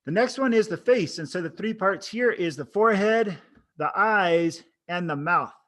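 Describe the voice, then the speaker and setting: A man's voice: high-pitched, expressive, moderate pace, fairly bright tone. A man giving casual coaching talk to camera, demonstrating expressions and vocal tones as he teaches. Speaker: oral board coach. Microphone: camera framing, speaking to camera.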